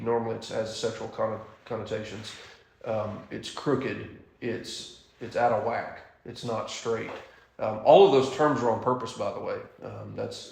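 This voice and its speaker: A low, gravelly man teaches in a flat, even tone, speaking bluntly and emphatically. His voice rings in a roomy church space. He pauses often for "um"s and restarts. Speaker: Bible study leader. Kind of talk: teaching a Bible study. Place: church room.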